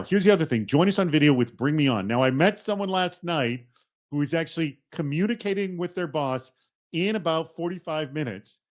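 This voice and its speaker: A man hosting a live webcast, talking in a lively, rambling way and correcting himself as he goes. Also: mid-range voice. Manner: energetic, rambling, self-correcting. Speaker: host.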